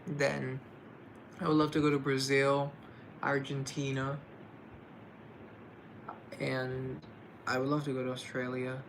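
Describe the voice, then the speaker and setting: A relaxed man chats through a livestream at an unhurried pace, his voice carrying a gravelly rasp. He reads out viewer comments and answers them playfully, joking with himself along the way. A faint hiss of noise sits under the voice. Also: mid-range voice. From United States. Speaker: livestream host. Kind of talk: casual livestream chat reading comments.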